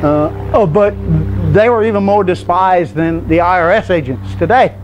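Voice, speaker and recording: A man with a notably high, light voice leads an informal Bible class, wandering through his explanations in a relaxed, conversational way. He keeps turning to his listeners with questions, and a faint hiss sits under the recording. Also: normal speed, dull audio. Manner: loose, digressive explaining. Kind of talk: informal Bible study lecture.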